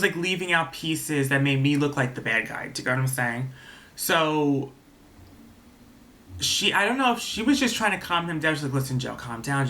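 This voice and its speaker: A man's voice: fairly high pitch, bright, forceful tone. A young man telling a personal story in a vlog, rambling and indignant. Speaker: vlogger.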